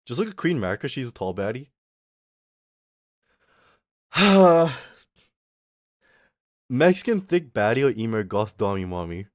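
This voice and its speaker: A man's voice: medium pitch, very animated, unhurried, pauses often, no room sound, clean studio sound. A young man rambling casually on a livestream, swearing and laughing often as he chats. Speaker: streamer.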